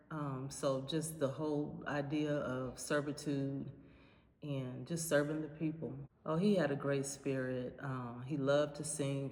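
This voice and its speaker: A woman's voice: low voice, darkish tone. A woman, a former pastor's daughter, fondly reminiscing in a chatty interview, with frequent fillers and restarts. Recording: echoey hall reverb.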